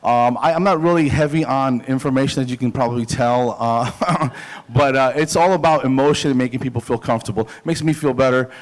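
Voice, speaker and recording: A middle-aged man telling jokes in a stand-up set, poking fun at himself. His delivery is loose and halting, full of fillers, restarts and his own chuckles. His voice sits at an ordinary male pitch. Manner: self-deprecating, jokey, halting with fillers and laughs. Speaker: dental hygienist doing stand-up.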